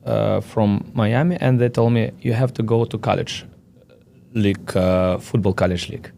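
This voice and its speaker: A man from the Soviet Union, a soccer coach and podcast guest, speaking haltingly as he searches for English words. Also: on the low side, steady tone, creaky, dark tone, slight background noise. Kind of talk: casual interview chat.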